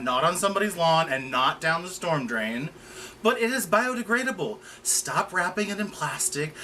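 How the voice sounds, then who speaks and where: Male co-host, exasperated and blunt, bright tone, casual banter. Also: a little high, slight background noise. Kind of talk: casual chat over drinks.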